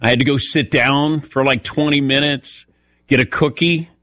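A man's voice: mid-range voice, fairly even intonation, moderate pace, bright, forceful tone, no echo, clean studio sound. A man hosting a sports radio show, telling a self-mocking story in casual chat while a little lightheaded.

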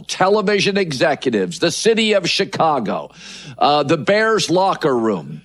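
A man's voice: on the high side, fairly bright tone. A middle-aged man hosting a sports talk show, delivering an emphatic opinion monologue that builds lists for effect.

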